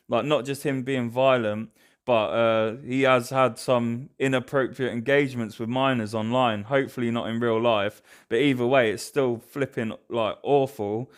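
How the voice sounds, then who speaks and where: Smooth-voiced man reacting casually. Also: medium pitch. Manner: rambling with fillers and restarts. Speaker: reaction video host.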